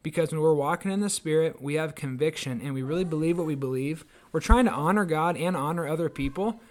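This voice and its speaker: A man's voice: on the high side, quick pace, darkish tone. A man co-hosting a devotional podcast, telling personal stories in an earnest, chatty way. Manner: earnest storytelling, acts out quoted voices. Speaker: podcast co-host. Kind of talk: casual devotional chat.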